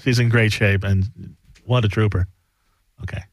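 A man's voice: fairly low pitch, fairly even intonation, normal speed, no room sound. A man co-hosting and commenting in casual joking chat, often stammering and repeating himself. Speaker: co-host commenting on a live demonstration.

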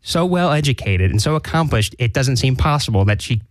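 A man of middling pitch co-hosts a casual talk show, teasing his partner with wry, dry humor. His delivery is easy and conversational. The recording is dry, close-miked studio sound. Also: lively intonation, brisk, no echo. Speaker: co-host. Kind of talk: casual radio show banter.

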